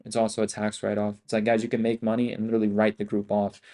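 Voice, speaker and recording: A man's voice: on the low side, completely flat delivery, quick pace, mellow. A man hosting a livestream as an options trader, talking in a hyped, profane, slangy way and repeating himself a lot. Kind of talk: casual livestream talk.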